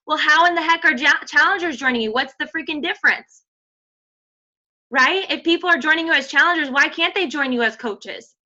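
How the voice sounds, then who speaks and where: A woman's voice: high-pitched, fairly quick. A pregnant woman in her thirties leading a motivational team call as a fitness coach, emphatic and full of "like". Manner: energetic, emphatic, filler-heavy pep talk. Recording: dull lo-fi audio.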